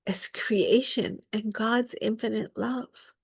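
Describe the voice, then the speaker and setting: Softly whispering woman preaching slowly. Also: on the high side, fairly even intonation, creaky, husky. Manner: soft, slow and often whispering, tearful at times. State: tearful. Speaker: reverend leading a women's service. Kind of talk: spiritual sermon.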